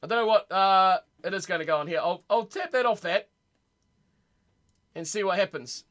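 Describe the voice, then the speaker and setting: A young man rambles and reacts aloud to his chat, excitable and chatty. His voice sits high and sounds bright and lively. He talks casually, like a live streamer at home. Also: moderate pace. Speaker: streamer hosting a rugby watch party. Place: home room.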